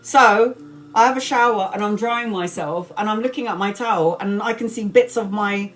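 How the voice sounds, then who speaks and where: A woman's voice: mid-range voice, normal speed, soft background music. A woman in her forties telling a story casually on a live stream, laughing often and swearing freely, then giving a tarot reading. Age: 40s. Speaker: tarot reader.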